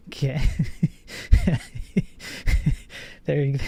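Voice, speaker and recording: A man in his forties talking casually on a live coding stream, his voice warm and mellow. He jokes, swears, and answers chat messages as they come in, in an easygoing way. The sound is dry and close, with very little room. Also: mid-range voice, steady tone, moderate pace, pauses often, no room sound. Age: 40s. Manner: loose and joking, swears, reads out and answers chat.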